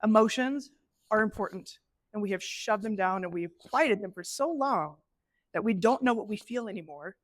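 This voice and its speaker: A middle-aged woman presenting a live workshop, animated and conversational, acting out inner voices as she teaches. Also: medium pitch, moderate pace, no echo. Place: event space with an audience.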